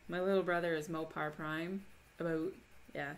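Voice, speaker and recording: A woman's voice: fairly low pitch, moderate pace. A woman from Minnesota chatting casually on a crafting livestream, reading chat aloud and laughing often. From Minnesota, USA. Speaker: livestream host.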